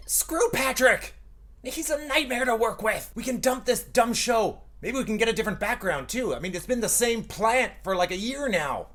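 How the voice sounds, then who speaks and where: A man's voice: extremely high pitch, voice pushed up. A man voicing a brash, self-absorbed woman co-host in a comedy sketch, talking in a dramatic, flustered, gossipy way.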